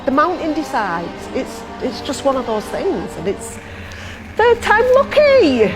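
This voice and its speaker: A woman's voice: high voice, very animated, moderate pace. A woman, speaking heartfelt and emotional in an interview about her husband's racing. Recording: music underneath.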